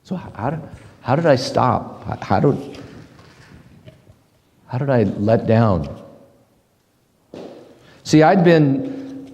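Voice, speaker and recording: A middle-aged man giving a slow, halting, earnest personal testimony to a men's group. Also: medium pitch, animated, a little mellow, highs cut off. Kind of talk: reflective personal testimony talk. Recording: long hall reverb.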